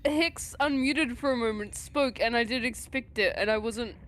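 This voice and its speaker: A woman's voice: fairly high pitch, normal speed, fairly bright tone. A woman on voice chat with a streamer, bantering casually, teasing and swearing. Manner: laughing, teasing, profane.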